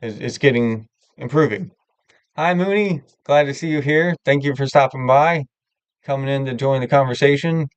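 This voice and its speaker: A man's voice: medium pitch, normal speed, clean tone, no room sound, rough recording. Man chatting candidly on a livestream. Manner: candid, rambling, many filler words. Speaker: livestream host. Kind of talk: casual chat.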